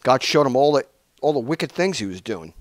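A man preaching a sermon, telling stories in an animated way with many restarts. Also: mid-range voice, fairly quick, dry recording. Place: small church hall.

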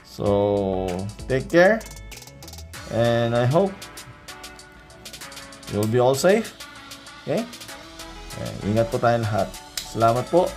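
Slow-talking Filipino man unboxing a knife. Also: medium pitch, faint music behind. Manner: relaxed show-and-tell, often adds a questioning "right?". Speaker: knife reviewer. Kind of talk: casual unboxing vlog.

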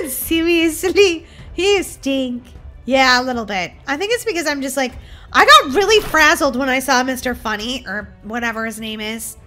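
A woman hosting a playful gameplay commentary, giggly and excitable, shrieking when startled. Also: sits high, moderate pace, soft background music. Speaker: gaming channel host.

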